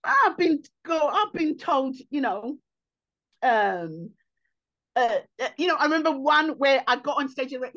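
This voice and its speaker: A woman comedian, answering interview questions in an animated way and acting out other people's voices. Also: high voice, measured pace, dull audio.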